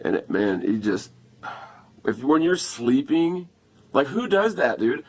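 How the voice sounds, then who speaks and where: A man's voice: medium pitch, big pitch swings, a little slow. A man talking to camera on a phone in a rambling, profane casual vlog, upset after an attack and asking viewers for help.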